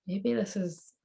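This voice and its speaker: A woman's voice: mid-range voice, creaky. A woman in her thirties, a tarot reader, telling a candid personal story in a rambling, swearing way.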